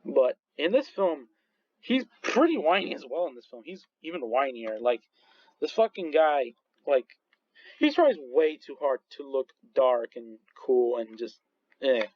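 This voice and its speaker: Male vlogger, casual rambling movie reviewer, mid pitch, dry slightly muffled recording. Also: big pitch swings, unhurried, no room sound. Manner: rambling, full of restarts and fillers, laughs often. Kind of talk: casual chat.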